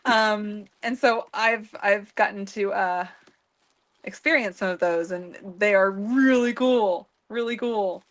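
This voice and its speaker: A woman's voice: mid-range voice, takes it slowly. A woman co-hosting a casual beading livestream, talking in a rambling way with many fillers and restarts. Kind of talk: casual chat.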